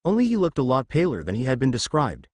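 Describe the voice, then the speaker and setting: A man narrates a fan fiction story with expressive, animated pitch. His voice sits at an ordinary middle pitch for a man. The recording is dry and close, with no room echo. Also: fast.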